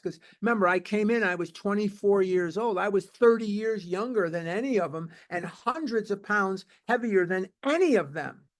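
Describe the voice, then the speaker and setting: An older man in his seventies, with a notably high-pitched voice, tells his own recovery story at a meeting. He talks bluntly and with emphasis, circling back to repeat key phrases. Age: 70s. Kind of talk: personal testimony at a recovery meeting.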